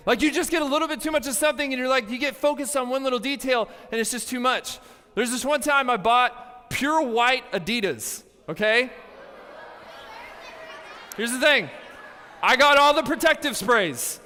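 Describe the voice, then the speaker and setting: Young guy youth pastor, high bright voice, joking around, echoey big hall. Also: moderate pace. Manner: animated storytelling with playful asides. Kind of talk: youth camp sermon. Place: large hall with a live audience.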